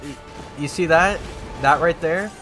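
A young man streaming a video game, giving excitable, slangy commentary and swearing often. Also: a little high, measured pace. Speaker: gaming streamer. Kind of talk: gameplay commentary. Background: game music.

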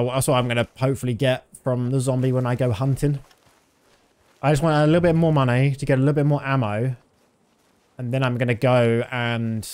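Male streamer, thirties, mid-pitched, easygoing chat full of fillers. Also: clear, resonant tone. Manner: rambling, relaxed, many fillers. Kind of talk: casual gameplay commentary.

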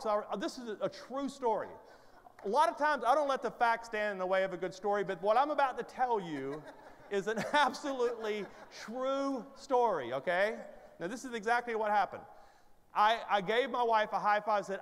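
A middle-aged male preacher with a high voice tells a story from the pulpit, playful and animated, teasing the congregation as he goes. His voice rings out with a long reverb through a large church hall. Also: fairly quick. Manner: animated, self-deprecating humor, playful asides to the crowd. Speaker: guest preacher. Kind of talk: storytelling sermon.

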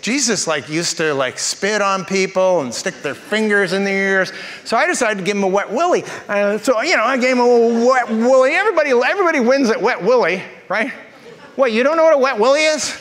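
Brief: male pastor, high voice, playful sermon storyteller, long church hall reverb. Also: brisk. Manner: jokey, animated storyteller. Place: church auditorium.

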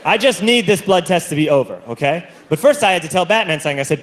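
A man doing a stand-up comedy set, telling stories in an animated way and acting out other people's voices, recorded live on stage. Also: high-pitched, quick pace, few pauses. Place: comedy stage with a laughing audience. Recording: live show with audible audience noise.

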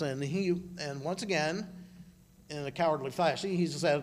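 Halting, conversational male preacher. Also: on the high side, a little hiss or hum. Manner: informal, halting with frequent restarts. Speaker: church speaker. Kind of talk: conversational sermon. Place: church service, live broadcast.

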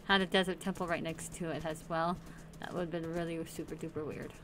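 A woman's voice: sits low, flat delivery, brisk, background noise. A woman host casually commenting on her Minecraft play, chatty and playful, talking to the game's characters. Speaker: gaming channel host.

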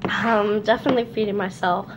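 A woman's voice: mid-range voice, steady tone, brisk, highs cut off. A young woman vlogger chatting casually through a challenge video, giggling often. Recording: noisy home recording.

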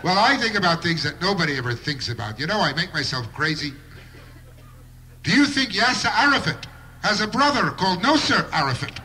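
A man's voice: high-pitched, big pitch swings, a little fast, pushed and bright, slight background noise. A man doing a live stand-up routine with a wry observational delivery and bursts of mock outrage. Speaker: stand-up comedian.

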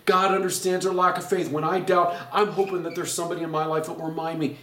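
Male pastor, middle-aged, gentle reassuring preaching, slightly high voice, roomy echo, mic far off. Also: level tone, fast, hardly any pauses. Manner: gentle reassuring preaching, quotes God softly. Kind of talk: Bible study teaching and prayer. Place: church. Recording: echoey room, voice from far off mic.

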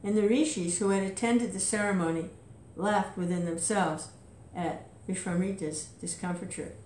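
A woman's voice: mid-range voice, normal speed, a little mellow, slight background noise. A woman reading an epic story aloud with occasional casual asides and filler words. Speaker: reader. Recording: roomy echo.

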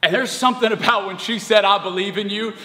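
Brief: pastor in his thirties, animated storyteller, forceful tone with long reverb. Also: high voice, quick pace. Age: 30s. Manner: animated storytelling, conversational with emphatic surges. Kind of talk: sermon.

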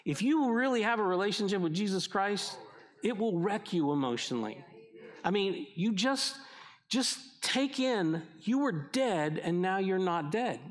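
A middle-aged man is preaching a sermon, and his voice sits a little higher than most men's. He talks to the congregation in a conversational way, often doubling back and restarting his sentences. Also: expressive, moderate pace. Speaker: pastor.

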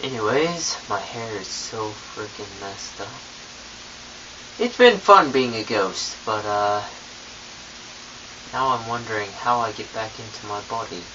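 A young man in casual vlog talk, speaking quietly and rambling offhandedly. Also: lowish voice, unhurried, long pauses, recorded from a distance, muffled recording. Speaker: vlogger. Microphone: camera mic, off-mic. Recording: hissy home camera audio, off-mic.

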